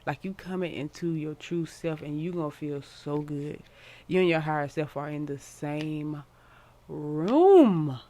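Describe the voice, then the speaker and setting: A woman casually giving a tarot reading to her viewers, encouraging and repeating herself, with sudden excited jumps in pitch. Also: moderate pace. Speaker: tarot card reader.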